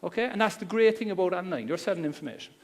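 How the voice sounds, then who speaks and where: A middle-aged man with a Cork Irish accent rattles through a live seminar talk, joking and blunt. His voice sits a little high for a man. It rings with the long reverb of a big hall. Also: very fast. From Ireland. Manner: chatty, joking, blunt slang. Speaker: seminar speaker.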